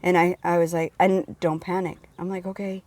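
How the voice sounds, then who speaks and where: A woman telling an excited spiritual testimony in a casual way, often restarting and repeating herself. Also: lowish voice, normal speed, no echo. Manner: excited, repetitive, storytelling with restarts. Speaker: religious vlogger sharing testimony.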